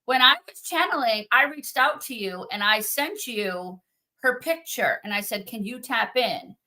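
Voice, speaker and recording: A middle-aged woman, a psychic medium guest, telling her story in an interview with animated quoting. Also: measured pace. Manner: animated, acts out quotes in a high voice.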